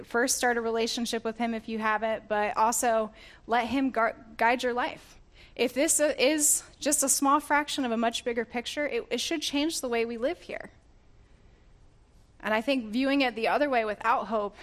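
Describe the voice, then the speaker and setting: Woman giving a sermon, earnest, laughs a lot, trips over words and restarts, kinda high voice. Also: a bit bright. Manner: earnest, laughs often, self-correcting restarts. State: getting emotional. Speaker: preacher. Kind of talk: sermon reading scripture.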